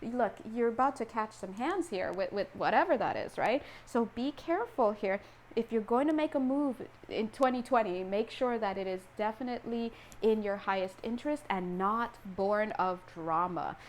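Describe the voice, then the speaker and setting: A woman giving a casual tarot reading, animated and playful, acting out little scenes and laughing often. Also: on the high side, normal speed, a little hiss or hum. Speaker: tarot reader.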